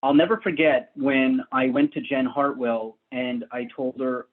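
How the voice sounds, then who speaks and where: A man's voice: mid-range voice, fairly even intonation, a little slow, hardly any pauses. A man guest telling stories about his early career in a casual, rambling way, laughing often and restarting sentences. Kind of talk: casual storytelling. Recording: tinny phone-like line.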